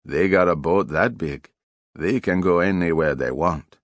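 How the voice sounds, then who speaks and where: A man playing a calm, slow-spoken old fisherman. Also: low-pitched, no echo, clean studio sound. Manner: slow, unhurried, resigned. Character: calm older male fisherman uncle. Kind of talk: audiobook character voice.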